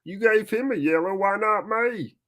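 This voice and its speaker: A man's voice: sits high, sharp tone, voice pushed up. A complaining male footballer with a put-on Southern American drawl, done by a man. He whines in a raised, stretched-out voice. It sounds set back from the mic. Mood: whiny. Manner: complaining, drawn-out.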